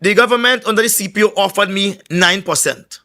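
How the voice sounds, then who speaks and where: A political candidate with a Trinidad and Tobago accent addresses a rally, forcefully telling boastful stories. His voice is high and brisk, and he often trips over his words and starts again.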